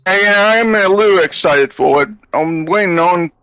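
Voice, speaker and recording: A man's voice: high voice, fairly bright tone, smooth, dry recording. A man who is not a native English speaker, talking hesitantly as a guest in casual chat. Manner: hesitant, halting. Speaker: guest on stream.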